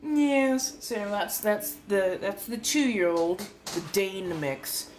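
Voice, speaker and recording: A woman's voice: medium pitch, expressive, a little mellow, voice pushed up. A woman voicing a centuries-old refined female vampire in a colonial American accent, chatting with viewers on a livestream and calling them darling. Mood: chatty. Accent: 1700s colonial American. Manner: genteel, unhurried, fond of endearments. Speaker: streamer. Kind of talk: in-character livestream chat.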